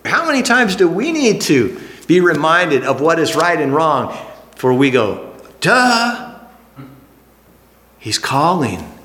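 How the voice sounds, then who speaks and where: Emphatic preacher in an echoey hall. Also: male voice, fairly high pitch, moderate pace. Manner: emphatic, swings from hushed drops to animated exclamations. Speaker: pastor. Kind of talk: sermon.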